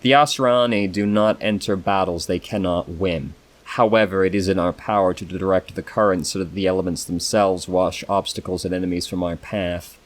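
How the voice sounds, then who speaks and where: A man reading aloud the lines of a solemn, sorrowful female elf from an ancient dying race, in a measured voice. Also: deep voice, fairly even intonation, natural voice. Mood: stern. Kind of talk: reading game dialogue aloud.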